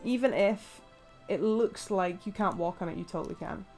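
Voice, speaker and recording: An English woman chatting through a gameplay session in a relaxed, rambling way. She talks with plenty of fillers and asides. Faint game music sits under her voice. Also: mid-range voice, normal speed, creaky. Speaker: let's play host. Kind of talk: casual gameplay commentary.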